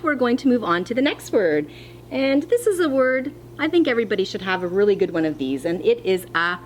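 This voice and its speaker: A woman teaching a phonics lesson to young children, speaking slowly and clearly with encouragement. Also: medium pitch, slight background noise. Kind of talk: distance-learning phonics lesson.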